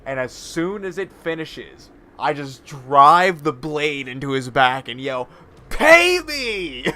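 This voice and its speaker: A man's voice: medium pitch, fairly even intonation, measured pace, sharp tone. A man co-hosting a gaming show, casually telling a long story and often laughing mid-sentence. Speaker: co-host playing a video game.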